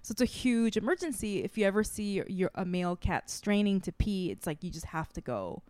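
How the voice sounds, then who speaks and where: A woman in her thirties tells a story as a podcast guest, her pitch jumping lively up and down as she goes. She swears freely and keeps the chat casual, and the recording is dry and close. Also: brisk, dry recording.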